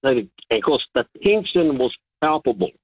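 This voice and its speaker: A man, calling in to a radio show and telling an animated anecdote full of restarts and chuckles. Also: medium pitch, fairly quick, dry recording. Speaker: caller. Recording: dull, lo-fi line.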